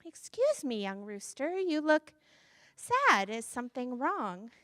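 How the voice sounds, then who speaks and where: A woman voicing a courteous, kindly farm pig who gently encourages the others in a children's story. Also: sits high, big pitch swings, slow pace, dry recording, studio quality, long reverb tail, heavily acted. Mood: polite.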